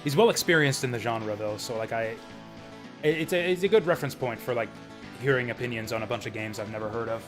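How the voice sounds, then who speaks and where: Young guy streamer rambling over his game, mid pitch, faint game music going. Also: fast talker. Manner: chatty, laughs often, filler words. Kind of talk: casual gameplay commentary.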